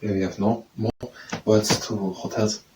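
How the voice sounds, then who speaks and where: A man, tutoring by slowly repeating French phrases and testing how they sound, then leading simple wrist exercises. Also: fairly low pitch, little pitch movement. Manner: slow, repetitive, trying out pronunciations. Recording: distant mic with faint background noise.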